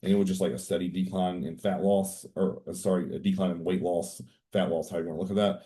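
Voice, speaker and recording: A man hosting a casual podcast chat as a coach, speaking in an easygoing, soft-spoken way that trails off. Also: deep voice, fairly even intonation, fast talker.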